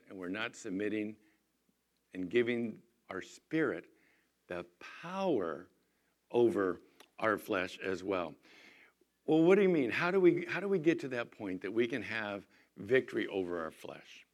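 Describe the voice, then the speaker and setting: A middle-aged man giving a sermon as a pastor, moving between quiet talk and loud, emphatic pleading. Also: medium pitch.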